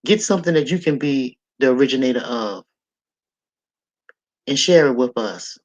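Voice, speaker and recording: Greeting chat viewers brightly and with plenty of life, this livestream host talks casually while handing out preachy life advice, repeating phrases to drive points home. Pitch is medium, pace moderate, and the recording has its highs cut off.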